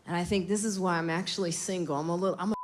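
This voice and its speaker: A woman doing a stand-up set in a comedy club, telling stories brashly and animatedly with big jumps in pitch. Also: steady tone, very fast. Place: comedy club stage with laughing audience. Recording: loud crowd laughter and noise.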